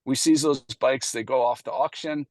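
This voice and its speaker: A man's voice: mid-range voice, fairly even intonation, normal speed, darkish tone, no room sound. Chatty man telling a story. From Canada. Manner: anecdotal, acts out past dialogue, frequent fillers. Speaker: presenter at a committee meeting. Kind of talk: casual storytelling presentation.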